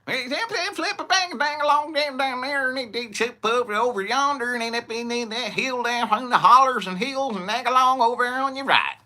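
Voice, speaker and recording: A man doing a high, twangy backwoods local. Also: bright, forceful tone, exaggerated voice. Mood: rambling. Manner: fast, twangy, run-together gibberish. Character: rambling rural backwoods local man giving directions.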